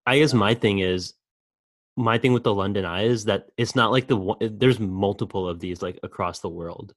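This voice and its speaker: A young man with a lowish voice hosts a casual comedy chat. He jokes around loosely and laughs often. The sound is close and dry. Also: normal speed, dry recording. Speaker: podcast host.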